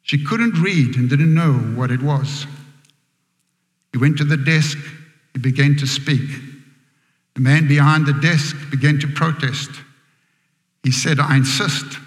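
A man preacher telling a story in a sermon, dramatic and dropping to hushed whispers, in a large church hall. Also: a little high. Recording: echoey hall with long reverb.

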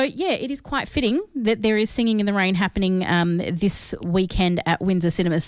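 A woman's voice: medium pitch, clear, resonant tone, no room sound. Giggly, rambling woman co-host. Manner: giggly, rambling, self-mocking. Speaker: co-host of a film review show. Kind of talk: casual radio chat.

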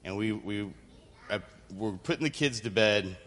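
A man telling a funny camp story to a congregation, animated and laughing often as he acts out quotes on a handheld microphone. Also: fairly low pitch, moderate pace. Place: church hall. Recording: reverberant hall with faint ambience.

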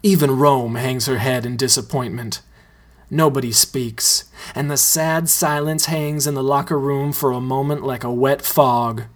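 A man reading a comedic story aloud in a deadpan way. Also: medium pitch, measured pace. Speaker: narrator.

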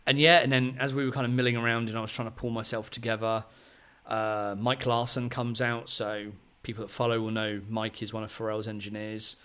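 A man in his thirties, a podcast host telling a long story in a rambling, excitable way, full of fillers. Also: lowish voice, a little fast, smooth. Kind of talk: casual storytelling chat.

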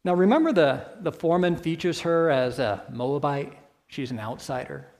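Conversational male preacher, somewhat high voice. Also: moderate pace, darkish tone. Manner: expository, conversational, rhetorical questions. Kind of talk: sermon. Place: church.

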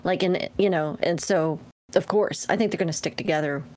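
Female podcast co-host, lowish voice, chatty and laughs easily. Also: a little mellow. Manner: talkative, quick to laugh, many fillers. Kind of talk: casual chat.

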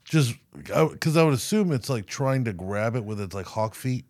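A man co-hosting a comedy podcast, telling a story in a profane, animated way. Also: mid-range voice, moderate pace, dry recording, studio quality. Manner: profane, animated storytelling with playful put-on voices. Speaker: podcast co-host. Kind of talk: casual comedic chat.

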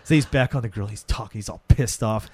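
A man's voice: on the low side, quick pace, a little mellow, slightly rough, dry recording. A man in casual, profane chat, animatedly retelling a film and acting out the characters' lines. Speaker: podcast co-host recapping a film.

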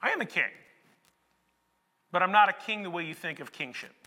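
Brief: male preacher as Jesus, calm and measured, somewhat lower than his own high voice, hall reverb. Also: heavily acted. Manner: measured, earnest. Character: calm, steady Jesus on trial.

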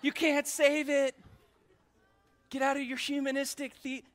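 A male pastor preaching a sermon to his church, fervent and shifting between shouts and hushed asides. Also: very high voice, flat delivery, unhurried. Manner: fervent, swings from shouting to near whispers. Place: church sanctuary.

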